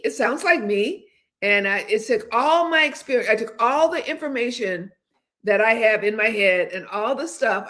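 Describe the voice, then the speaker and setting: A livestream host in her seventies talks openly and loosely, filling her chat with fillers and false starts. Her voice is mid-range and a bit bright.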